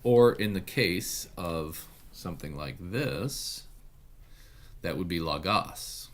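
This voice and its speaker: A man teaching Greek in an online video lesson, talking haltingly with many fillers and self-corrections. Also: deep voice, expressive.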